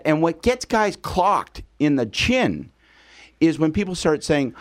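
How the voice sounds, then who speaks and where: A man from Eastern Ontario giving blunt, animated opinions on a radio panel, acting out quoted voices. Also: a little high, unhurried. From Eastern Ontario, Canada.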